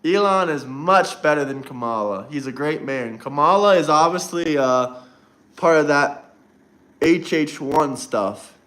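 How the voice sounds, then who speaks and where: A man's voice: on the high side, lively intonation, normal speed, a bit bright. A man hosting a casual livestream, talking to his chat and teasing viewers in a mocking way. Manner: mocking, taunting chat banter. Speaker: livestream host.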